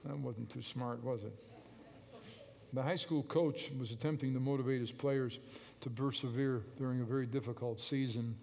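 A man's voice: mid-range voice, steady tone, normal speed, vocal fry, a little mellow. A male preacher giving a sermon, emphatic and repetitive, calling out to the congregation and waiting for answers. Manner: emphatic, repetitive exhortation with call-and-response.

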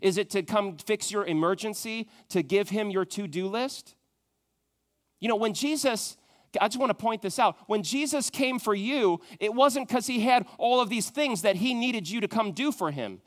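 A man preaching a sermon, moving from loud emphatic questions to a soft, hushed tone. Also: high-pitched, moderate pace. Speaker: pastor.

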